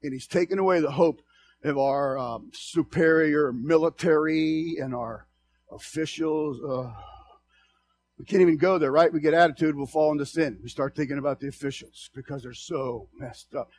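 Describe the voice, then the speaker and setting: A male preacher with a strikingly high voice delivers a sermon to his congregation. He is passionate and emphatic, ranging from loud exhortation to low, confiding asides. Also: normal speed, a little hiss or hum.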